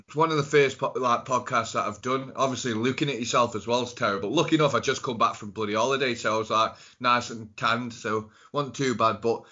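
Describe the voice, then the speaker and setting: A man's voice: medium pitch, fairly even intonation, a little fast, few pauses, pushed and bright. Nasal young man from Stoke. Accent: Stoke-on-Trent English. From Stoke-on-Trent, England. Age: young adult. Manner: banter and jokes. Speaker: podcast guest. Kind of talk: casual chat. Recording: dull lo-fi audio.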